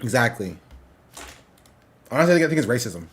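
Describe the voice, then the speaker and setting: A young man commenting on clips during a casual live stream, halting and wry, often breaking off mid-sentence. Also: medium pitch, big pitch swings. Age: young adult. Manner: halting, self-interrupting, wry asides.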